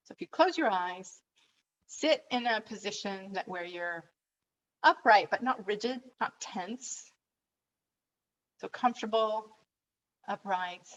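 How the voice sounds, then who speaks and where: A woman coach leading a calm guided relaxation and breathing exercise, giving gentle step-by-step instructions. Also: mid-range voice, rough recording.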